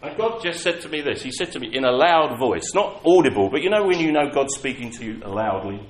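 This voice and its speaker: A man's voice: mid-range voice, expressive, brisk. A man preaching a sermon, telling personal stories in a conversational, self-mocking way. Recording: echoey hall with faint ambience.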